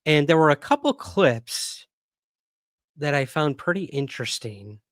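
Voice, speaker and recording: A man's voice: a little high, expressive, unhurried, dry recording. Chatty male livestream host, dry sound. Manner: chatty, rambling, with frequent fillers and laughs. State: hiccuping. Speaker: podcast host. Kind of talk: casual livestream chat.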